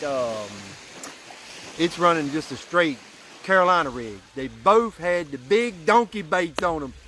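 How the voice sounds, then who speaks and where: A man vlogging from a riverbank at night, excitable and out of breath after a catch, saying "y'all" a lot. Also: a little high, a little hiss or hum. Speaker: fishing vlogger. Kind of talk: excited outdoor vlog talk.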